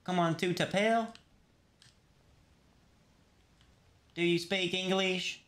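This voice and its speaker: A man's voice: high voice, steady tone, moderate pace, a bit bright, roomy sound. Man doing a frantic young male doctor, put-on accent, stammers and restarts, live game role-play. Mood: polite. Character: flustered young male doctor, panicky and rambling.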